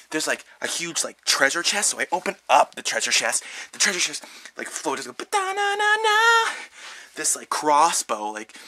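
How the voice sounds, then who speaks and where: Young male vlogger, very bright voice, rambling comic storyteller who makes his own sound effects. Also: mid-range voice, a little hiss or hum. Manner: rambling, animated, full of mouth sound effects.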